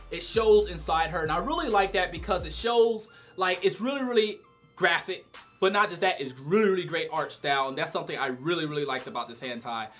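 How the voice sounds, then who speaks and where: A man giving a casual, crude and animated spoken review, often breaking into loud exclamations. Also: high-pitched. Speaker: anime reviewer.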